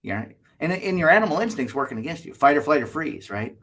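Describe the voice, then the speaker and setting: A man co-hosting a casual podcast chat, animated and fond of acting out little quoted exchanges. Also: fairly high pitch, quick pace. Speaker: co-host.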